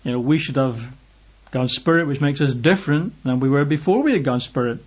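Husky preacher man giving a sermon. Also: medium pitch, animated, brisk, dull audio. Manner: emphatic, repeats phrases for stress. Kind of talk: sermon with Bible reading.

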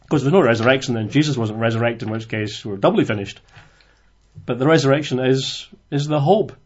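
A man giving an informal Bible study, reading verses aloud and then commenting on them in a relaxed, conversational way. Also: medium pitch, a little fast, slightly rough, lo-fi sound. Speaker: Bible teacher.

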